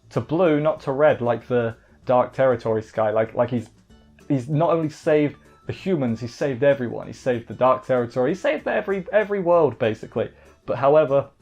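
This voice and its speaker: A man casually reviewing an anime episode in an excitable, rambling way, often restarting his sentences. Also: medium pitch. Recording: slightly muffled with faint background music.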